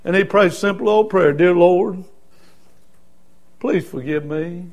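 In a folksy, storytelling sermon testimony, a middle-aged man with a voice that sits high for a man recounts his own story at a measured pace. He shifts between hushed passages and loud, shouted bursts, and the recording has its highs cut off.

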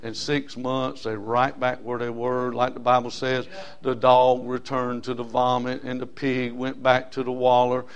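A middle-aged man preaching a sermon. He calls out to his congregation for amens and swings between loud and soft delivery. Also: medium pitch, completely flat delivery, unhurried, hardly any pauses, smooth, muffled recording.

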